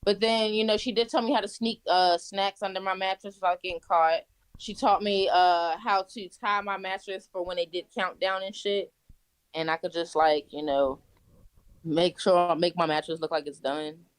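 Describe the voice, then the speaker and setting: A woman's voice: on the low side, fairly even intonation, normal speed, clear, resonant tone. A young woman telling wild stories in casual, profane chat, laughing as she goes. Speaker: guest. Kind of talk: casual storytelling.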